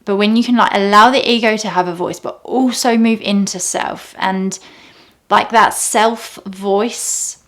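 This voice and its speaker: A young woman talking casually and reflectively about meditation, often dropping to soft near-whispers. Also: mid-range voice, steady tone, a little slow. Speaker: meditation teacher.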